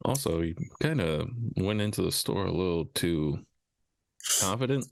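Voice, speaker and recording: A man's voice: low voice, animated, normal speed, vocal fry, no echo. A man co-hosting a casual podcast chat, adding wry, laid-back asides. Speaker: podcast co-host.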